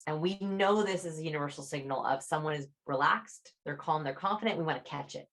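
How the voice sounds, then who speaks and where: A young adult woman, a chatty author speaking as a podcast guest over a video call, animated and peppering her talk with "like". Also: a little fast. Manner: animated, demonstrates her voice high and low; chatty, fillers like "like". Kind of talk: podcast interview.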